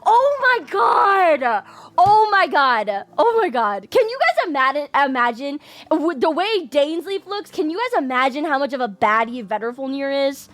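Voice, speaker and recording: Young woman game reactor, very high bright voice, swoops wildly, gushing and apologetic. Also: lively intonation, moderate pace, hardly any pauses. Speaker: gaming video creator. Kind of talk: excited game reaction commentary.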